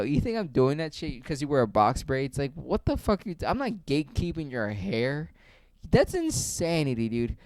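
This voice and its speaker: A man's voice: medium pitch, expressive, a little fast, darkish tone, clean tone, dry recording. Blunt, heated man ranting. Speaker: video creator. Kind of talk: profane opinion rant.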